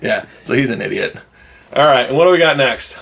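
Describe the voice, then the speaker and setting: A man hosting a casual sports betting podcast, who is animated and opinionated and often laughs. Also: medium pitch, brisk. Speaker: podcast host.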